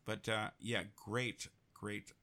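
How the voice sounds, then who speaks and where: A man's voice: lowish voice, level tone, takes it slowly, bright, forceful tone. A man hosting a casual interview, rambling with lots of restarts and fillers. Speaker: host.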